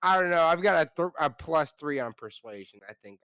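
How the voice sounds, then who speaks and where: Smooth-voiced joking male player. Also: on the high side, expressive, brisk, sharp tone, no room sound. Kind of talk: casual game chat.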